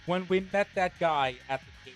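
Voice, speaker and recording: A man's voice: sits high, moderate pace, faint music behind. Opinionated man in casual gaming chat. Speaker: let's play co-host.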